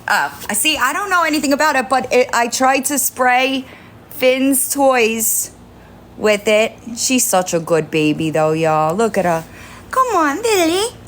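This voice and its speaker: A woman hosting a casual livestream from home on her phone, switching between high sing-song baby talk to her kittens and chatty remarks to viewers. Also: unhurried, a bit bright, a little hiss or hum. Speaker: livestream host.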